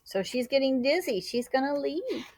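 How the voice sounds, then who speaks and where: A woman teacher reading a picture book aloud to children. She tells it with animated storytelling and adds short asides and sound effects. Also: high voice, moderate pace, no echo, soft background music.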